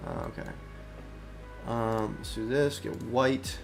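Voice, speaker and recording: A man who is an indie game developer, rambling casually on a live stream. He uses lots of fillers, breaks off mid-sentence and keeps talking to himself, and his voice sounds worn and low. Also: huge pitch swings, slow pace, gravelly, faint music behind. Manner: rambling, full of fillers and self-interruptions; easily sidetracked, talks to himself. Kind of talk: casual live-stream chat while working.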